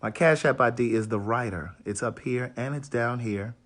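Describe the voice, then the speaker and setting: A raspy-voiced man from Maryland, an author hosting a casual livestream from a hotel room and greeting viewers by name. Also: mid-range voice, moderate pace, a bit bright.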